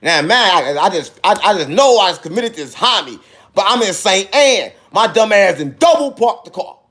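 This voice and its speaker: An animated man with a high voice tells a personal story in a loose, casual way. He acts out every line of dialogue and keeps dropping in sound effects like "boom" and "bam.". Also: moderate pace. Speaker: podcast host telling a personal story.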